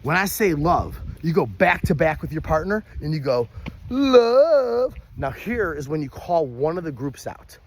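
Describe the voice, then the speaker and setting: Here a young man who entertains at parties describes kids' games in a peppy instructional tone, shouting loudly and high when he mimics the calls. He speaks at a moderate pace with few pauses, over slight background noise.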